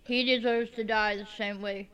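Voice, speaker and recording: Bright-voiced woman with dry, teasing humor. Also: a little high, fairly even intonation, normal speed, clear, resonant tone, dull audio. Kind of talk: casual chat.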